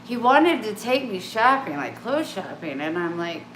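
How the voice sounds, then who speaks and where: A woman chats candidly about herself in a rambling vlog to camera, often breaking off mid-thought to begin again. Her mid-range voice is sing-song and a bit bright at normal speed, recorded in an echoey room with faint ambience and a little hiss or hum.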